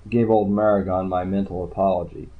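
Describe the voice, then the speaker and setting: A man's voice: deep voice, little pitch movement, a little fast, phone-quality sound. A man narrating a first-person audiobook in a dry, understated way.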